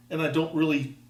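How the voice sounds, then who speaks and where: Off-mic in an echoey room, a medium-pitched male vlogger in his fifties from Wisconsin spins a casual personal tale. He rambles, breaks off mid-thought to start over, and sprinkles in wry remarks.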